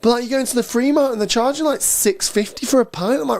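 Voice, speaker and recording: A man's voice: very high-pitched, quick pace, creaky, darkish tone. A man, co-hosting a live football watchalong stream in blunt, rambling casual chat. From Greater Manchester. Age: 20s. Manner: blunt, swears freely, rambling. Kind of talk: casual banter on a livestream.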